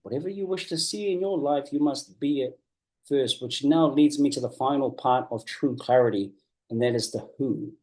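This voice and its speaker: A man giving a motivational coaching talk, earnest and emphatic, repeating key phrases and slowing down to drive points home. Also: mid-range voice, warm tone. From New Zealand. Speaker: business coach.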